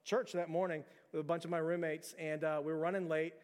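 High-voiced pastor in a reverberant church. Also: male voice, level tone, a little fast. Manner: conversational, repeats words, builds to emphatic peaks. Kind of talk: sermon. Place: church sanctuary. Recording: long church hall reverb.

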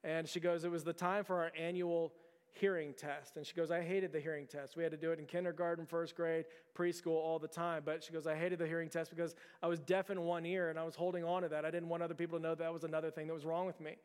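A man's voice: fairly high pitch, level tone, fast talker, clear, resonant tone, long reverb tail. A man preaching a sermon as a pastor, telling a story earnestly with frequent repeated words and restarts.

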